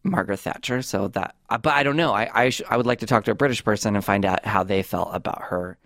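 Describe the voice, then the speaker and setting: A man hosting a comedy podcast, chatting in a rambling, animated way on a close studio mic. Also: fairly low pitch, quick pace, dry recording. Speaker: podcast host. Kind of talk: casual comedic chat.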